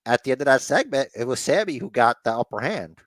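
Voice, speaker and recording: A man's voice: medium pitch, no echo. A man co-hosting a laid-back wrestling podcast, talking through the week's shows with lots of "uh" and "you know". He has an ordinary mid-range voice, recorded close and dry with no room sound. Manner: acts out wrestlers' lines in quick, animated put-on voices. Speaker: podcast co-host. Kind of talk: casual wrestling recap chat.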